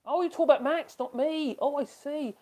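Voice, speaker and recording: A man's voice: extremely high pitch, moderate pace, dark tone. Chatty man on a live stream. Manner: chatty, rambling, laughs often, reacts aloud to comments. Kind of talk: casual live-stream chat reading viewer comments. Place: home workshop.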